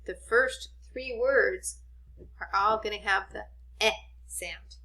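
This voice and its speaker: Slow, bright-voiced woman teaching phonics. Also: mid-range voice. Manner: sounds out letters slowly, gently reassuring. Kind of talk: slow phonics spelling lesson for children.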